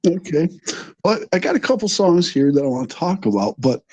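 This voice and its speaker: A man's voice: a little high, big pitch swings, a little fast, darkish tone, lo-fi sound. A laid-back man hosting a casual music interview, often laughing and reacting briefly. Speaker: interview host.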